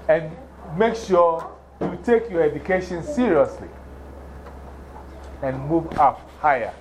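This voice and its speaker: African-accented man, upper-pitched, emphatic motivational speaker in a classroom; light background hiss. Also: low-quality recording. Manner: emphatic, repeats points and checks understanding with questions. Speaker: guest speaker to schoolchildren. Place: school classroom.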